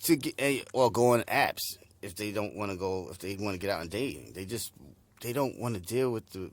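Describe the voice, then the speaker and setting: A man in his forties co-hosting a podcast in casual chat, animated and quick to joke. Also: lowish voice. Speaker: podcast co-host.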